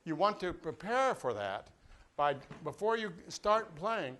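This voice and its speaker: A man's voice: high voice, very animated, unhurried, a bit bright. An older man teaching a brass master class, leading students through breathing exercises with jokes and direct coaching. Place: classroom or rehearsal room with a live audience.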